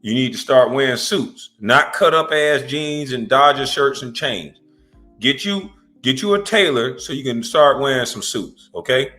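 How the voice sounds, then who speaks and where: Host, male, 40s: brash, profane roast talk, mid-pitched, faint music under. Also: expressive, measured pace, sharp tone. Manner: brash, trash-talking, laughs often. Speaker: livestream host. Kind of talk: profane comedic reaction stream.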